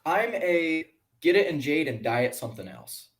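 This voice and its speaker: A man chatting casually as a co-host, easygoing and quick to laugh along. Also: fairly high pitch, big pitch swings. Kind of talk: casual chat.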